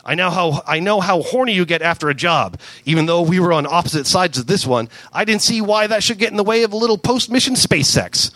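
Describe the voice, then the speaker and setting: A man voicing a sultry cyborg woman villain with a low, seductive purr in a comic reading. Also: a little fast, hardly any pauses, fairly bright tone, dry recording.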